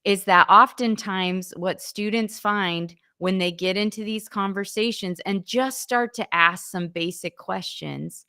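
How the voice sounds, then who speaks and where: A woman's voice: medium pitch, unhurried, hardly any pauses, sharp tone, smooth. A woman youth ministry leader answering interview questions, earnest and often restarting her sentences.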